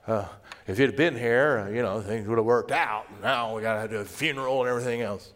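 A man's voice: medium pitch, brisk, fairly bright tone, voice pushed down, close to an everyday voice. A male preacher voicing a grieving woman who reproaches her teacher in a pleading, accusing tone. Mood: reproachful.

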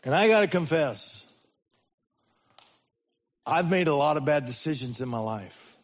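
Male pastor, unhurried sermon delivery, higher voice, sudden loud rises and hushed drops. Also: lively intonation.

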